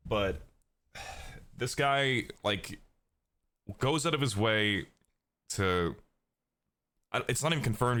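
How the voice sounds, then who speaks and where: A man streaming who is a little sick and raspy, talking casually and with frustration, swearing and building into heated rants. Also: lowish voice, a bit bright.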